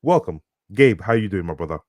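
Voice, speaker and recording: A man's voice: deep voice, animated, brisk, no echo. Joking man, dry close sound. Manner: joking, profane, rambling. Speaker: podcast co-host, author. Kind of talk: casual chat.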